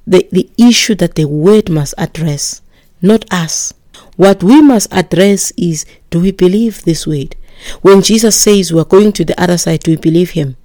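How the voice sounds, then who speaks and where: A woman preaching a sermon in an emphatic, repetitive way, dropping to breathy whispers for emphasis. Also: lowish voice, normal speed, warm tone, no echo, clean studio sound.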